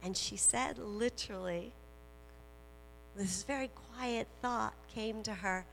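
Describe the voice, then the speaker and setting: Woman preaching slowly in an echoing hall. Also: mid-range voice, creaky, a bit bright. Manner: slow, emphatic preaching with repetitions. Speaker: minister. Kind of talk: sermon. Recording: reverberant hall with faint music and hum.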